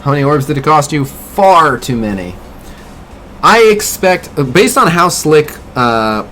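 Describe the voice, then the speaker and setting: A male streamer talks through gameplay in a relaxed, chatty way, picking at details and answering chat. His voice swings up and down with animated inflection, and faint music plays underneath. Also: fairly high pitch. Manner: chatty, mildly critical, reacts to viewer chat. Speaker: gaming streamer. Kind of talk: casual gameplay commentary.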